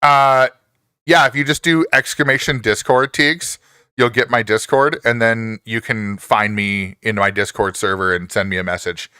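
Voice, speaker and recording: A man in his forties hosts a relaxed live stream, reading messages from viewers, laughing often and jumping in pitch when excited. He talks at a normal speed, with a clean tone and clean studio sound free of room noise.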